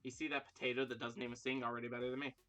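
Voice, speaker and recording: Chatting with his viewers on a laid-back livestream, this young man from Ireland rambles on and jokes at his own expense. He speaks in a mid-range, flat voice with a fairly bright tone, and he races along.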